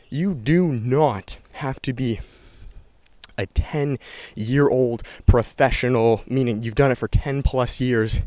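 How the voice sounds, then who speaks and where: A man's voice: medium pitch, unhurried, dry recording. A young man talking casually and energetically to a handheld camera outdoors by a stream, slightly out of breath. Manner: energetic, chatty, repeats himself. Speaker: vlogger. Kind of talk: casual vlog talk to camera. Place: outdoors in a forest valley by a stream. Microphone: handheld camera at arm's length.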